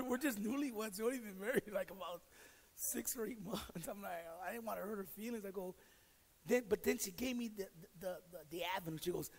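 Speaking a little fast in a large hall, this man has a high, raspy, gravelly voice, and the recording is rough. He's a pastor giving a storytelling sermon in a direct, joking, self-deprecating style, frequently repeating and restarting words.

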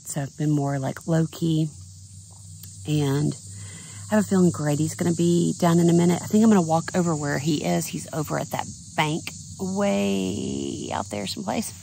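A middle-aged woman vlogs about her painting in a loose, think-out-loud way. Her voice is low, scratchy and tired, with a heavy gravelly fry. She talks outdoors at a lakeside campground, with faint noise in the background. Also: lively intonation, moderate pace. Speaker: artist vlogger. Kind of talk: casual vlog chat.

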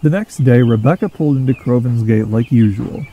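A man narrating a children's train story in a steady storytelling manner. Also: medium pitch, brisk, narrow, tinny audio, slight background noise.

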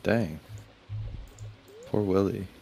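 A man's voice: drawn-out words, gravelly, warm tone, soft background music. A man casually chatting while playing a game with a friend, giving short, dry replies. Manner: low-key, dry, brief replies. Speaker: co-player on stream. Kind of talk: casual gaming chat.

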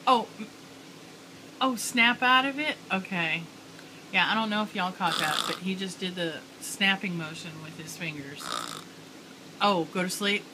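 A woman's voice: medium pitch, a little slow, pauses often. A woman vlogging with her young son, talking to him in a playful, sing-song way. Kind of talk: casual home video chat. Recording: noisy home video recording.

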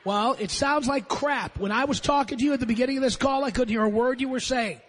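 A man's voice: extremely high pitch, rapid-fire. A man hosting a call-in radio show, bossy and sarcastic with callers. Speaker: radio talk show host.

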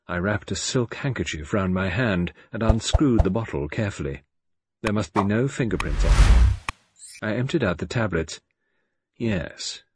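A male audiobook narrator with a low, husky voice that swings widely in pitch as he tells the story. His delivery is measured and expressive, and the recording is dry and close with no room sound. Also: dry recording. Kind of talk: first-person scripted audiobook narration.

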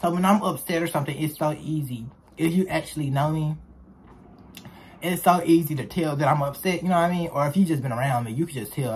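A young man telling a personal story for his vlog in an animated way, jumping between loud bursts and hushed asides. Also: high voice, quick pace, a little hiss or hum. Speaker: storyteller vlogger.

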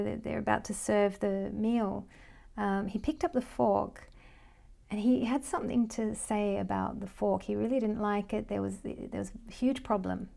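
Gravelly-voiced woman coach musing aloud. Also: mid-range voice, mellow. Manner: musing, thinks aloud while talking through notes. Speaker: Vedic astrology life coach. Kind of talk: informal astrology lesson.

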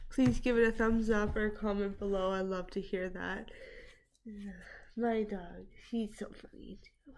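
A woman hosting a reaction video, talking casually with many fillers and frequent laughter. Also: on the high side. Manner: chatty, rambling, laughs often, many fillers.

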